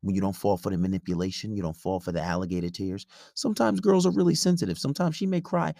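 Gravelly man preaching dating advice. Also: sits low, lively intonation, fast, dark tone, no room sound, studio quality. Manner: preachy, emphatic, profane, repetitive. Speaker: podcast host.

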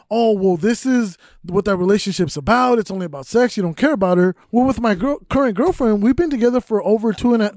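A young man with a fairly high voice hosts a casual podcast, rambling candidly through personal stories. The sound is dry and close, with no room around it. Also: a little mellow, dry recording. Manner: candid, rambling storytelling with frequent fillers. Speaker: podcast host.

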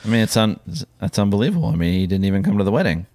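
A man co-hosting a casual podcast, joking in quick banter. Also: lowish voice, very animated, darkish tone, dry recording. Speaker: podcast co-host.

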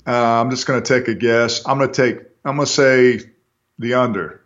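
A man talking sports in a relaxed, easygoing way, working his thoughts out aloud. He sits at an average pitch, and the recording sounds dull and lo-fi. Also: moderate pace. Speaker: sports talk co-host. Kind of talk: casual sports talk.

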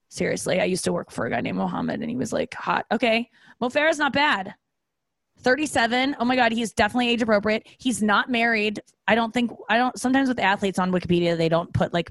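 A woman hosts a podcast in a loose, rambling monologue, candid and freely swearing. Her voice sits at a mid pitch for a woman, and the recording is dry and close with no room echo. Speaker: podcast host.

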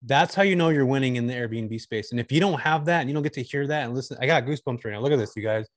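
A man's voice: mid-range voice, rapid-fire, no echo, studio quality. A man talking candidly and enthusiastically as a guest on a casual podcast chat. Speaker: guest, short-term rental host.

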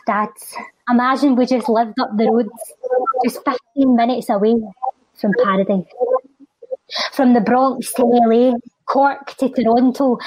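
A Scottish woman with a fairly high voice recites a spoken word poem with a steady rhythm, then slips into quick, chatty talk. She is recorded close and dry, with no room sound around her. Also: no echo, poor audio. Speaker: charity guest and spoken word poet.

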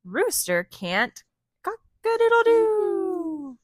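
A woman voicing a male farmyard rooster while reading a picture book aloud, slow and earnest. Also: fairly high pitch, very animated, a bit bright, heavily acted. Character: male farm rooster, worried then eager.

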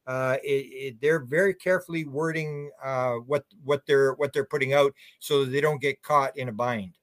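An older man appears as an author guest on a radio show, answering in a rambling, bluntly opinionated way with many restarts. His mid-range voice holds a steady tone at a moderate pace, with no echo.

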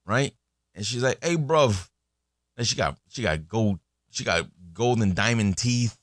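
A man's voice: fairly low pitch, moderate pace, no room sound, clean studio sound. A man in his thirties hosting a podcast, talking in a casual, rambling monologue full of fillers and restarts. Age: 30s. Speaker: podcast host.

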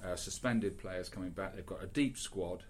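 A man's voice: deep voice, moderate pace, slight background noise. A man hosting a casual football podcast, rambling with lots of fillers and restarts. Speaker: podcast host.

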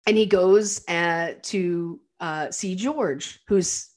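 Chatty woman co-host, lowish voice. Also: extremely slow, darkish tone. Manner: chatty, laughs often, many fillers. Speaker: podcast co-host. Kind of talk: casual chat retelling a film.

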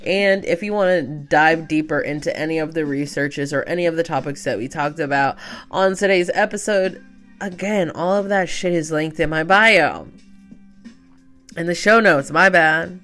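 A tearful podcast host winds down an episode in an easy, unhurried voice, chatty and cursing freely. The delivery is slow and relaxed, with faint music underneath. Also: mid-range voice. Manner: emotional, profane, chatty. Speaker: podcast host and tarot reader. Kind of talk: casual podcast sign-off.

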